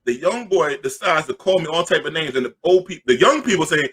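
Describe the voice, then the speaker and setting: Husky, bright-voiced New storyteller. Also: male voice, a little high, a little fast. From Queens, New York. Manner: excitable, jokey, loudly acts out the crowd. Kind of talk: animated storytelling.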